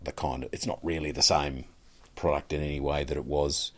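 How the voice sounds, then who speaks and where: Very deep-voiced Australian host. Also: male voice, fairly even intonation, brisk. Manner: rambling, hesitant, many fillers and restarts. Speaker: podcast host. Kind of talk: casual conversational interview.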